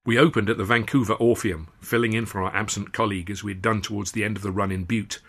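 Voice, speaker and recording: Man, author reading his story, first-person narration, wry, low-pitched. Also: fairly even intonation, quick pace, a bit bright, slightly rough. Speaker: author and reader.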